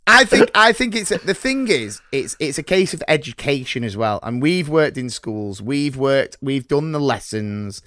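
A middle-aged man hosts a podcast with a jokey, upbeat presenter's delivery. His voice sits at an average pitch and is recorded dry and close to the mic. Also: very animated, unhurried, few pauses, pushed and bright, no room sound. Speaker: podcast host. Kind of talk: casual chat, show hosting.

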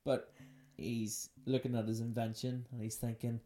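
A woman's voice: extremely low pitch, level tone, normal speed, few pauses, dark tone. A woman hosting a casual, unscripted podcast chat, joking and telling playful stories. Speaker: podcast host.

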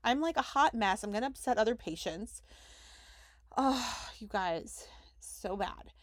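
A woman's voice: fairly high pitch, animated, a little slow, no echo, clean studio sound. A young adult woman hosting a podcast, telling a story casually and fillng it with "like" as she reenacts conversations. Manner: chatty, heavy use of "like", reenacts conversations. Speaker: podcast host.

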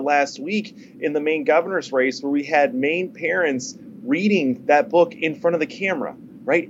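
A man's voice: on the high side, highs cut off, a little hiss or hum. A male guest on a remote interview, speaking energetically and emphatically.

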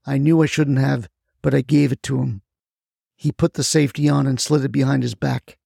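A man narrating a first-person crime story in a terse, deadpan way. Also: medium pitch, moderate pace, vocal fry, dry recording, studio quality.

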